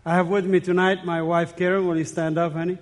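A guest preacher from the Middle East addresses a congregation in a church sanctuary with a fairly high voice, talking fast in an earnest yet flat delivery. His sermon blends personal stories with urgent calls to prayer, and the big hall lends a long reverb.

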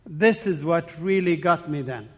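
A man's voice: on the high side, animated, a little slow. A man from the Middle East speaking as guest preacher in a church, earnest and personal, telling stories and chuckling between points. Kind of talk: sermon with anecdotes. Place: church sanctuary. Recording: long church hall reverb.

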